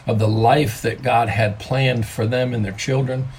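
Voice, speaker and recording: There's slight background noise as a grandfather pastor shares a relaxed devotional talk at home, lingering on key words to give them weight. His voice is mid-range, somewhat mellow, with fairly even intonation.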